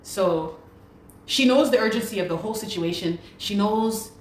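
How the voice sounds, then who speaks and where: A woman's voice: medium pitch, normal speed. A woman giving an earnest, urgent personal account and often repeating her pleas. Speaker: guest telling her story. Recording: roomy recording with faint background noise.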